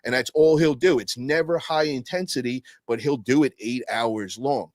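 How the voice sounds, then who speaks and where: A man in casual podcast chat, swearing freely and calling everyone bro. His voice sits in a middle register but leaps high when he acts out what others said. The sound is dry and close. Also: normal speed, no echo. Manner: profane, animated, peppers speech with "bro". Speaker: guest telling stories.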